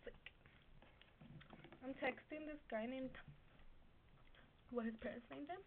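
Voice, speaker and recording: A woman's voice: high-pitched, slow pace. A teenage girl vlogging with her friends in a giggly, teasing way. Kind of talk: casual chat among friends. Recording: tinny lo-fi webcam audio with hiss.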